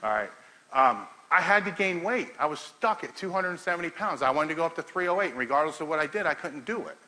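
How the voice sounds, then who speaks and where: A middle-aged man giving a talk to an audience, telling a profane, laughing story in an animated way. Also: a little high, quick pace, poor audio. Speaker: powerlifting coach giving a talk.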